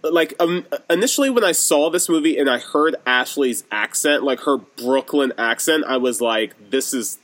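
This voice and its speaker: A man's voice: mid-range voice, moderate pace, hardly any pauses. A man chatting casually as a podcast co-host, reviewing a movie with many fillers. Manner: animated, frequent "like" and "um" fillers.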